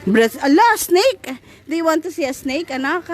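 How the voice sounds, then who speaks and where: A mother with a Filipino accent films her small child at a crowded outdoor zoo, chatting casually in a coaxing, sing-song way. Her high voice has lively intonation and moves at normal speed with hardly any pauses, over the crowd noise of the busy zoo.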